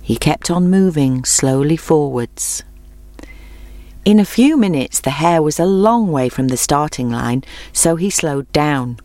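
A woman reading a children's story aloud in a clear, expressive way. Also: sits low, unhurried, no echo.

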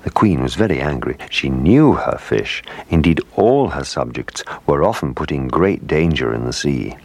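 A man narrating a children's story with expressive storytelling. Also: very deep voice, moderate pace, no room sound.

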